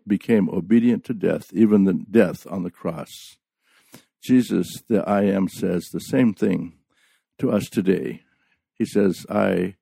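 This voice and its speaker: Male preacher, low and gravelly, dark mellow tone, dry close sound, measured emphatic delivery. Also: no room sound. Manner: slow, deliberate, emphatic on key words. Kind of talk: sermon.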